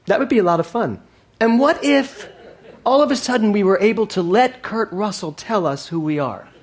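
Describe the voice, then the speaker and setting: A man preaching a sermon to a congregation. He repeats his key phrases and swings between loud emphatic lines and soft asides. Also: sits high, animated, normal speed. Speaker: minister.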